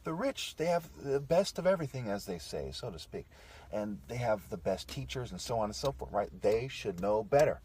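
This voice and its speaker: A man's voice: medium pitch, sing-song, normal speed, a little mellow, slightly rough. A man delivering a combative, profane, preachy monologue, tagging his points with "okay" and "right.". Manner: repeats "okay" and "right" as tags. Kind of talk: ranting monologue.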